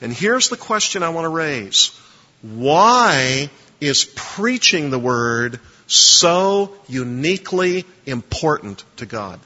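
A man's voice: on the high side, big pitch swings, slow, bright, forceful tone. A man lecturing a class on preaching, emphatic, quizzing listeners to fill in blanks in their notes. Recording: dull lo-fi recording with long reverb.

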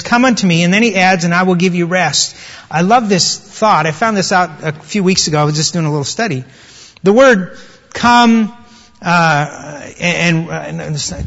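High-voiced man preaching in a hall. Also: fairly bright tone, muffled recording. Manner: conversational preaching, stretches quoted words, restarts. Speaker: pastor. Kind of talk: sermon.

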